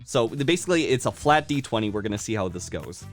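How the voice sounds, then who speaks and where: A man narrating as game master in a tabletop game, animated and laughing often. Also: lowish voice, fast talker, soft background music.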